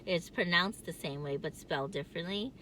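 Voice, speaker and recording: A woman's voice: lowish voice, a little fast, sharp tone, a little hiss or hum. A woman vlogging from her car in casual chat, with a distinctive nasal voice, rambling and laughing often.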